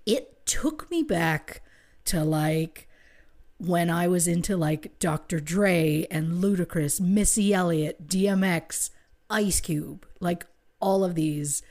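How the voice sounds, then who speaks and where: Woman podcast co-host, kinda low voice, chatty and rambly, talks in quick bursts. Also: darkish tone. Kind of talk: casual chat.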